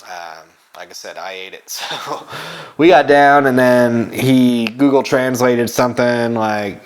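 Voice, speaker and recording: A man's voice: mid-range voice, slow. A young man telling a travel story in a casual, rambling way, laughing often and swearing. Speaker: travel show host.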